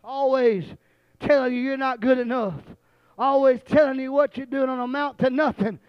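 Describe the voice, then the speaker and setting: A male preacher, telling a story in a sermon and building from low storytelling to shouted, drawn-out, repeated lines. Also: steady tone, smooth, dry recording, dull audio.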